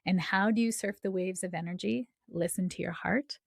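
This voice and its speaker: Woman, spiritual podcast host, casual and chatty, gravelly fry, dry close recording. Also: lowish voice, steady tone, moderate pace, no room sound. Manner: chatty, often asks "right?".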